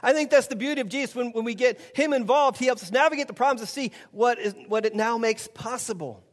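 A middle-aged man with a notably high voice delivers a sermon, chuckling as he recounts a story and playing out its dialogue. His words carry a long reverb, as if spoken from a church stage. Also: fast. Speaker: pastor.

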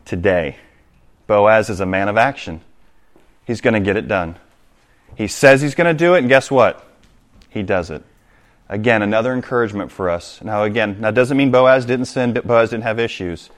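A man's voice: lowish voice, moderate pace. A man preaching a sermon to his congregation, reading scripture aloud and explaining it with direct appeals to his listeners. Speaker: pastor.

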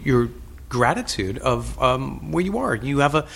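Lively, swearing male podcast host. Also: mid-range voice, measured pace, vocal fry, slightly rough. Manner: animated storyteller, swears freely, repeats words. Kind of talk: casual interview chat.

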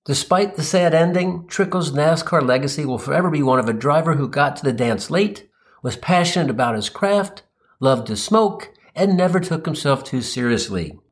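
A man's voice: on the high side, lively intonation, normal speed. A man telling a comedic story as a monologue, ranting in an exasperated, sarcastic way.

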